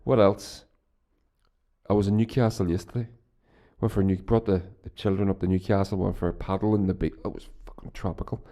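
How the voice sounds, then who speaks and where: A man's voice: low voice, level tone, brisk, mellow. A Northern Irish man hosting his own podcast, chatting casually in a rambling, profane way with lots of restarts. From Northern Ireland. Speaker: podcast host. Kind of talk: casual solo podcast chat.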